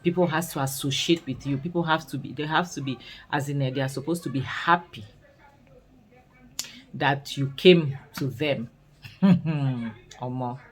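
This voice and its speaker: A woman with a Nigerian accent recapping a series in casual commentary, expressive and full of scolding rhetorical questions. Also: a bass voice, a little slow, long pauses, slightly rough, low-quality recording. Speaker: series reviewer.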